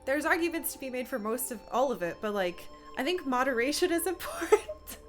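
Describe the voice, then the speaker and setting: A woman's voice: high-pitched, animated, a little fast, a bit bright. A young woman from Appalachia chatting while streaming a game, rambling with lots of fillers. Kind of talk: casual gameplay commentary. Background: faint game music.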